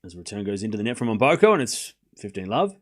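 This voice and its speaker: A man's voice: lowish voice, very animated, quick pace. A man hosting a live tennis watchalong stream, rambling casually with lots of "you know" and restarts. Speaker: host.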